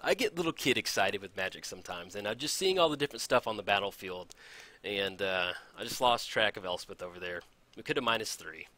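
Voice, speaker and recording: Casting note: a man as a chatty, laugh-prone game commentator, bright tone, animated pitch. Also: a little fast. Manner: excitable, laughs often, chatty and self-deprecating. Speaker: gameplay commentator. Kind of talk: casual card game commentary.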